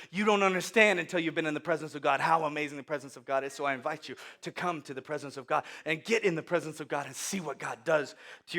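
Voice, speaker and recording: A man preaching a sermon, telling the story with lively acted voices and sudden loud outbursts. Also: high voice. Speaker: pastor.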